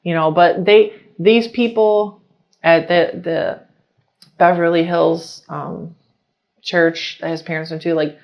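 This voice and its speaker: A young adult woman sharing her personal story in casual talk, chatty and animated, full of fillers as she retells scenes. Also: on the low side, slow, creaky, lo-fi sound. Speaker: interviewee.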